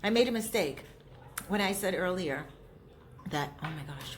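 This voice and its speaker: Lady vlogging while she eats, kinda low voice, rambly and chatty, noisy background. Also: expressive, moderate pace, long pauses. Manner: chatty, repeats herself, talks with mouth full. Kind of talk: casual talk to camera while eating.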